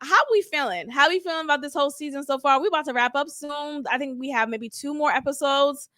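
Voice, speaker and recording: Young woman, high bright voice, sassy and blunt, casual TV recap, dry close sound. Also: quick pace, no echo. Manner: sassy, blunt, laughing asides. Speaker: reality TV reviewer.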